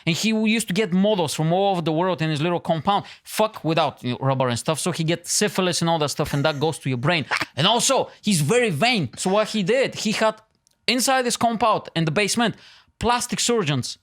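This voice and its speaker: A young man hosting a podcast in casual chat, with a mixed Eastern European and American accent, rambling loudly and swearing all the time. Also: sits high, expressive, a little fast. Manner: loud, rambling, swears constantly. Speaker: podcast host, stand-up comedian.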